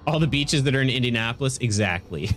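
A man's voice: medium pitch, lively intonation, a little fast, fairly bright tone, a little hiss or hum. Congested man chatting on a game stream. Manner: chatty, reacts to chat, laughs often. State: congested, stuffy nose. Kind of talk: casual gaming stream chat.

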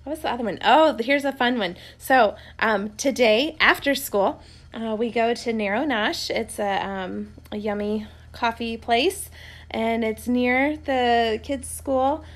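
A woman's voice: fairly high pitch, measured pace. A woman in her thirties, a homeschooling mother, chatting casually and unscripted to the camera from an armchair at home, rambling through stories and laughing often.

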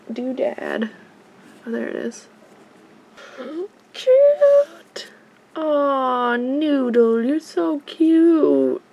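Slow-talking, gushing female toy vlogger. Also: fairly high pitch, gravelly. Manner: gushing, easily excited, addresses viewers as "you guys". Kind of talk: casual unboxing commentary.

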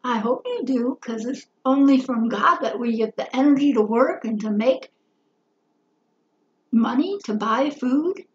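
A woman tells a Bible story to children in a high, slow, expressive voice, pausing to ask her listeners questions. Her voice rings around a roomy space. The recording sounds slightly dull. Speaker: Bible teacher.

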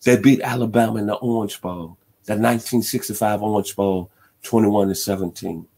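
A man's voice: on the low side, normal speed. A man hosting a sports talk radio show, retelling an old football game with dramatic flair and chanting crowd cheers along the way. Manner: animated storyteller who chants crowd cheers and hums band tunes.

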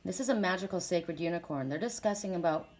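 A woman's voice: fairly low pitch, quick pace, a little mellow, soft background music. Rambling woman reading oracle cards. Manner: rambling, emphatic, many restarts. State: sore throat. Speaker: oracle card reader. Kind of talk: casual spiritual card-reading chat.

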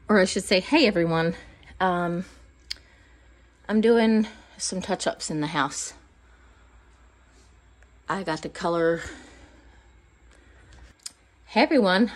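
A woman giving a casual, rambling tour of her home decor, a little out of breath and apologetic, filmed on a handheld phone indoors. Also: mid-range voice. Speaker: home vlogger. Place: inside a house.

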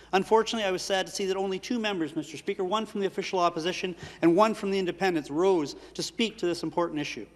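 A man answering as a minister in a legislature, delivering a rapid, formal prepared speech. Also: sits high. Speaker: associate minister of energy. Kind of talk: parliamentary answer. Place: legislative chamber. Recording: reverberant legislative chamber.

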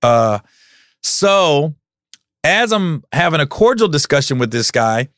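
A man in his forties talks casually on his podcast, spinning a story with lively delivery and bursts of loud acted-out dialogue. His voice sits a little high for a man, and the sound is close and dry with no room around it. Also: slow, dry recording. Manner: animated, acts out quotes in loud raised voices. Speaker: podcast host.

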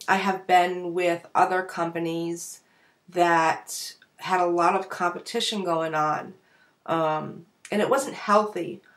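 Forties lady w a northern accent plus a bit of southern drawl, kinda low voice, rambles on chatting to camera. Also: fairly bright tone. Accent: northern US with a light Southern drawl. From northern United States. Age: 40s. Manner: chatty and rambling, wanders between points. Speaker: direct sales beauty consultant. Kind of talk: casual to-camera vlog chat.

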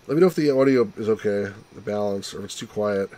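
A man's voice: on the low side, fast, warm tone. A man hosting a let's play, rambling and wry as he comments on a game, with the odd swear.

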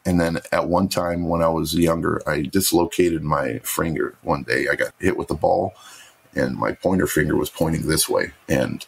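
A man's voice: a bass voice, moderate pace, vocal fry, husky. A man co-hosting a podcast, telling a story in casual chat and acting out the quotes. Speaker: podcast co-host.

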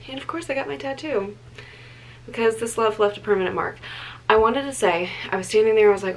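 A woman's voice: on the high side, brisk, slight background noise, poor audio. A young woman chatting casually to camera in a vlog, tired, rambling with lots of ums and likes. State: tired late at night. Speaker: vlogger.

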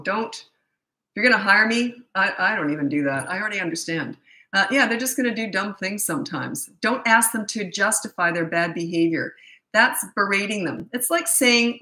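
A woman's voice: medium pitch, sharp tone, roomy sound, poor audio. A middle-aged woman coaching parents in casual talk, blunt and emphatic, acting out the lines she quotes. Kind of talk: casual advice answering viewer questions.

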